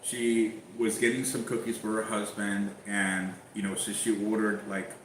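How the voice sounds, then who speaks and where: A man telling a story in casual chat, animated, acting out the back-and-forth. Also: fairly low pitch, normal speed, noisy background. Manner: animated storyteller, acts out exchanges. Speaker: YouTuber guest. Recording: echoey room, faint ambience.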